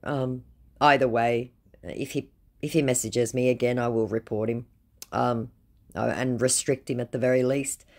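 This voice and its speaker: A woman's voice: very deep voice, steady tone, moderate pace. A woman giving a casual vlog update in a wry, amused and dismissive tone. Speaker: video creator.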